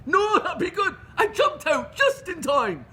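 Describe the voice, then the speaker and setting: A man putting on the voice of a boastful southern English farmer telling a pub story, shouting his lines with a southern English accent. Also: wildly swooping pitch, measured pace, full character voice. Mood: excited, shouting. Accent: southern English, put on. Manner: high, loud, shouting punchlines.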